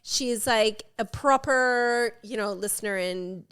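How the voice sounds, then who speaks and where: A woman's voice: a little high, takes it slowly, a bit bright, clear, resonant tone, dry recording. A woman co-hosting a casual podcast, chatting and tasting wine with a friend, giggly and playfully teasing. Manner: giggly, playful teasing, trails off mid-sentence. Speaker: podcast co-host.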